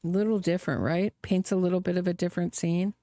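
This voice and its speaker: A woman's voice: on the low side, steady tone, fast, warm tone, slight background noise. A woman hosting a live true crime stream, reacting with sarcasm and scorn.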